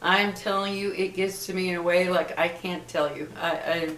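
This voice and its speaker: A woman's voice: on the low side, steady tone, moderate pace, fairly bright tone. Chatty middle-aged woman in an echoey room. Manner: chatty, emotional, many fillers and restarts. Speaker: vlogger. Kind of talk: casual storytelling to viewers.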